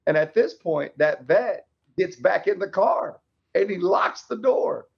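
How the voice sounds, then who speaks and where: A man guest telling a personal story candidly in an interview, lively and laughing often, acting out the dialogue. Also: high-pitched, a little slow, vocal fry, husky. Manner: animated, laughs often, acts out quoted dialogue. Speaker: podcast guest, army veteran. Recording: slightly dull lo-fi audio.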